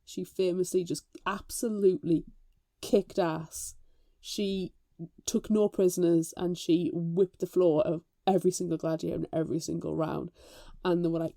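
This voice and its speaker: A woman co-hosting a casual book podcast, telling lively anecdotes, swearing freely and mimicking voices. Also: lowish voice, moderate pace, no room sound, studio quality. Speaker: podcast co-host.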